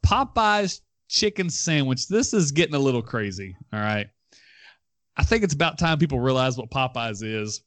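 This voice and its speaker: A man's voice: mid-range voice, very animated, a little fast, a bit bright, dry recording. A man hosting a casual talk show, steering the segment and teasing his co-hosts. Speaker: host. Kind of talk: casual radio chat.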